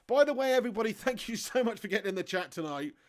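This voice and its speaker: A man streaming a football game live, commentating excitably and chatting with viewers. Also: high voice, rapid-fire, dry recording. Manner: excitable, swearing, chatty banter. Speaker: gaming livestreamer.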